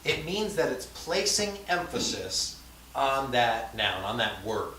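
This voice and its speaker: In an echoey classroom recorded from afar with faint hiss, a man teaches a language class in a chatty lecture style, filling in with fillers and checking in with his students. He speaks slowly at medium pitch, very animated, with a pushed, bright voice.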